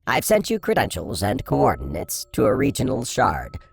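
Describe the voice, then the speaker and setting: A man's voice: fairly low pitch, huge pitch swings, normal speed, gravelly, husky, exaggerated voice. A man voicing a friendly, sassy alien robot with a light digital voice in an audiobook. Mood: playful. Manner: light-hearted, playful. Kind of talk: audiobook character voice.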